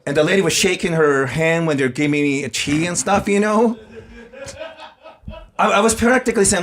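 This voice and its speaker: This podcast co-host from Japan talks fairly quickly in a high, slightly bright voice with a Japanese accent. He laughs his way through casual, funny stories.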